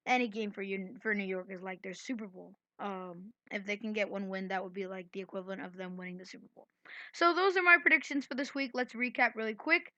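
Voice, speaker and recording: A woman's voice: mid-range voice, a bit bright, dry recording, muffled recording. A woman hosting her own sports channel, casually talking through her football picks with lots of fillers and restarts. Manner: chatty, filler-heavy, restarts mid-sentence. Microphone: computer mic.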